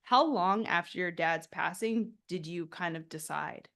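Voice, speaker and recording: A woman hosting a podcast as a coach, chatting casually in an animated way, laughing and swearing freely. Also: fairly low pitch, a little slow. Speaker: host and coach.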